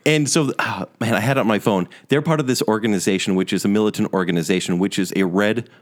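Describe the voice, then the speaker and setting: A man's voice: on the low side, fast talker. A man co-hosting a podcast, making playful arguments and laughing at his own points. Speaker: podcast co-host. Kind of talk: casual debate chat.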